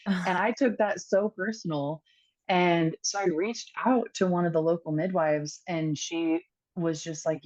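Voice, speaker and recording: Speaking as a guest on a podcast, a woman recounts a frank personal story in a very low voice with a darkish tone. Her manner is sincere and thoughtful, broken up by frequent pauses and ums. The audio quality is dull and lo-fi.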